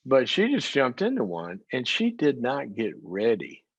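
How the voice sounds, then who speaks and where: Man, middle-aged, folksy teaching talk, lively pitch, dry close sound, slightly dull audio. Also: measured pace, husky, no echo. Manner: folksy, uses everyday examples and rhetorical questions. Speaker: psychologist and speaker.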